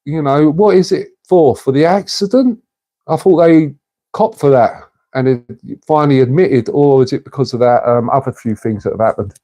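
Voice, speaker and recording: A man's voice: on the high side, moderate pace, mellow. A man hosting a casual livestream, chatting in a matey way and answering viewers' comments. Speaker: livestream host.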